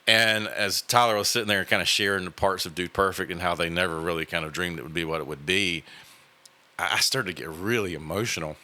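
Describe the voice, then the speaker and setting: Earnest low-voiced man, halting. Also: fairly even intonation, pushed and bright. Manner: halting, many fillers and restarts, earnest. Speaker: podcast host. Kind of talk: casual conversational storytelling.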